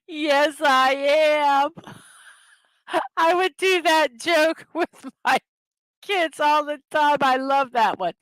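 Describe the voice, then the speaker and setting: A woman's voice: sits high, takes it slowly, a bit bright, no room sound. A middle-aged woman hosting a casual livestream, giggling as she reads viewers' jokes aloud. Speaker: livestream host.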